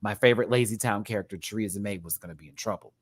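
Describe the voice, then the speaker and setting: A man giving a casual rant-style review of a show, sassy and animated, laughing often and slipping into mock voices. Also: lowish voice, very fast.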